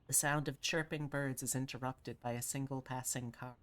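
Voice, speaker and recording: A woman's voice: rumbling low, fairly even intonation, normal speed. A woman VTuber reading visual novel narration aloud on a live stream, breaking off to comment.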